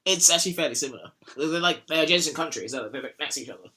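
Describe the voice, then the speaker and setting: Bright, rambling young male podcast host. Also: a little high, expressive, rapid-fire. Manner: rambling, jokey, slips into silly put-on voices. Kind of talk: casual podcast chat.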